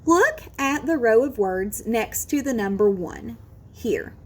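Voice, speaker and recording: A woman teaching a phonics lesson to children, slowly modelling each word sound and encouraging the listener. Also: fairly high pitch, lively intonation.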